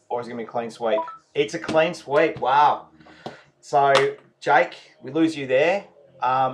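A man hosting a live raffle draw, chatty and laid-back, reading out names and often apologising to players. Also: a little high. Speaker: raffle host. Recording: noisy home recording.

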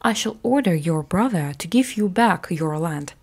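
Woman reading young boy prince, proud, commanding, slow careful delivery, storybook. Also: fairly low pitch, lively intonation, darkish tone.

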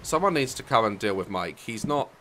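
A man giving loud, excitable comedic commentary over gameplay, shouting and swearing as he plays, at times in a fake-posh voice. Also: fairly low pitch, a little fast, loud music behind the voice. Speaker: gaming YouTuber. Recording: noisy game audio behind.

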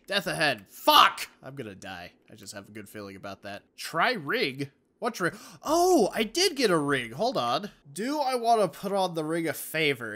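A young man giving profane, jokey commentary while playing a game, with loud reactive outbursts. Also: sits high. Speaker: let's play gamer. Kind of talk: gameplay commentary.

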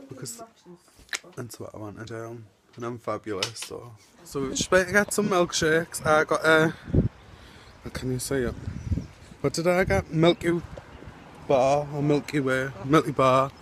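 A man's voice: medium pitch, animated, moderate pace, crowd noise. Chatty camp young man. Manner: chatty, camp, self-mocking. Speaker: vlogger. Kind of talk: casual vlog chat. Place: outdoors on a town street.

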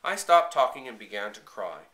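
Bright-voiced man reading a storybook. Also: medium pitch, sing-song, normal speed, reverberant. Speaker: audiobook reader. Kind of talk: first-person storybook narration.

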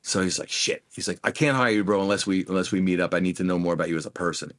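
Middle-aged guy spinning stories from his music career, low dry voice, does little voices for people. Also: racing, dry recording. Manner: animated anecdotes, acts out quoted voices. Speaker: guest musician. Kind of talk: storytelling interview.

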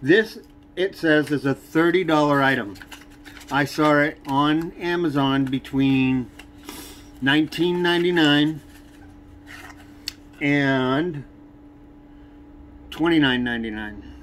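A man in an unboxing vlog, talking slowly with lots of hesitant pauses. He sounds irritated and complaining as he goes through the items. A faint hum of background noise sits behind his voice. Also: on the high side, fairly bright tone. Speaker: fishing channel host.

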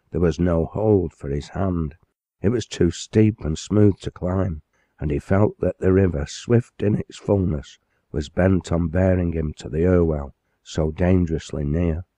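A man narrating a classic novel as an audiobook, with measured, dramatic storytelling. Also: sits low, warm tone, no echo.

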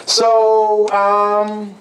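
A man's voice: high-pitched, drawn-out words, a little hiss or hum. A middle-aged man, a music education professor, leading an interactive workshop and breaking into sung demonstrations in a workshop room, picked up from a distance. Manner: animated, demonstrates by singing and chanting. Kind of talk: interactive workshop talk with singing.

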